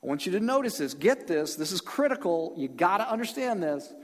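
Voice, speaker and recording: Animated preacher with a high, lively voice. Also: male voice, fairly quick, in a large hall. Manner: emphatic, calls on the congregation to respond. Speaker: pastor. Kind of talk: sermon.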